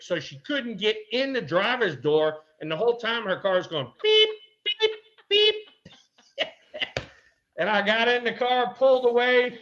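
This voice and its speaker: A middle-aged man, a former ballplayer and guest, telling an animated anecdote with mild swearing. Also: sits high, highs cut off. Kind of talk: casual chat, storytelling.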